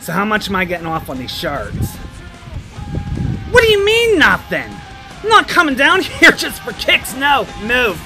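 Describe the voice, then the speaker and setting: A performer voicing a short-tempered, foul-mouthed elderly grandmother who gripes gruffly and curses through a comedy sketch. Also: medium pitch, very animated, normal speed, few pauses, bright, forceful tone, faint music behind. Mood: grumbling. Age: older. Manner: gruff, cursing, complaining. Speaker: comedy character host.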